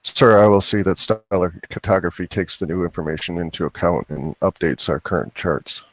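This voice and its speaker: A man's voice: deep voice, fairly even intonation, moderate pace, no room sound. A man playing a tabletop role-playing game, speaking formally and asking questions. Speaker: player. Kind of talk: in-character role-play.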